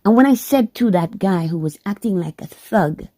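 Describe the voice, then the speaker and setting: A woman's voice: mid-range voice, animated, moderate pace, dark tone. A woman telling a personal story to camera in a dramatic way, often dropping into a whisper and piling up repeated words for emphasis. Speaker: vlogger.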